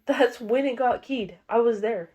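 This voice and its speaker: Mellow-voiced woman teasing her co-host. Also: a little high, measured pace. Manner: teasing, laughs often. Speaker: podcast co-host. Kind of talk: casual chat.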